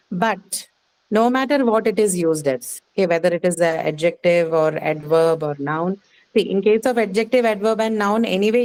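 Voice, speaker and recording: A woman's voice: on the low side, a little mellow, poor audio. Woman teacher explaining step by step. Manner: patient, explanatory, checks understanding with frequent "okay". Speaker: English teacher. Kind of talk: live online class lecture.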